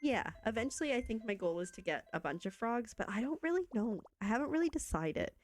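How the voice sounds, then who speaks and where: A young Canadian woman streams a video game and chats casually with her viewers, bubbly and poking fun at herself. Her voice sits a little high, swings widely in pitch, and moves fast, with soft music playing behind her.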